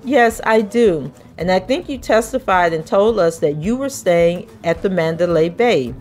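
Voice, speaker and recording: A woman podcast host reading a trial transcript aloud, voicing the questioning in a measured, even way. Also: fairly low pitch, soft background music.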